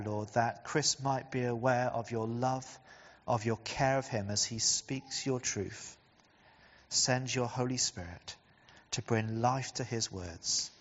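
Male service leader, measured prayer, long church reverb, muffled lo-fi sound. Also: mid-range voice. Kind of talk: spoken prayer.

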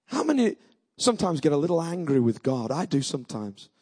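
A male preacher delivering an impassioned sermon, repeating phrases and asking the congregation questions, with a husky voice. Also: on the high side, very animated, a little fast, darkish tone, no room sound.

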